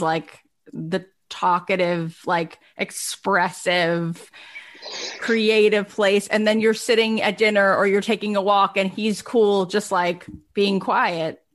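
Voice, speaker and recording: A woman hosting a podcast interview, effusive and quick to affirm and praise her guest. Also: medium pitch. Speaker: podcast host.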